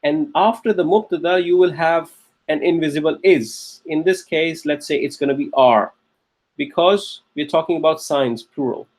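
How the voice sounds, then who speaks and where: Male teacher, somewhat high voice, patient, repeats points, keeps asking "okay?". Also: normal speed, a little mellow. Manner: repeats key phrases, checks in with "okay?" and "right?". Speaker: Arabic grammar teacher. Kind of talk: classroom lecture.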